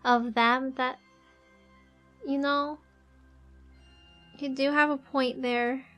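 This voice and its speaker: Woman streamer, high voice, giggly, rambling casual chat to viewers, faint music underneath. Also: flat delivery, very slow, fairly bright tone. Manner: chatty, giggly, thinks aloud while drawing.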